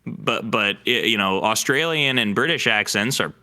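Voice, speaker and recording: Young man with a bright, low voice. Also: animated, normal speed. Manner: easygoing, agreeable, laughs often. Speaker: podcast co-host. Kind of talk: casual chat.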